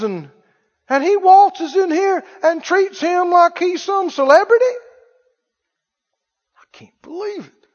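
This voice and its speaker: A man's voice: very high voice, long reverb tail, dull audio, voice pushed up, exaggerated voice. A man voicing an indignant, resentful elder son, a young man complaining about how unfairly he has been treated.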